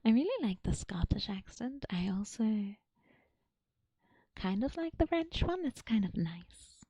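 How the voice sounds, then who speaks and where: A woman chatting with viewers in a soft, breathy ASMR whisper. She talks slowly and murmurs, often repeating her phrases. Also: mid-range voice, big pitch swings, dry recording. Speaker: ASMR streamer. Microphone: close mic.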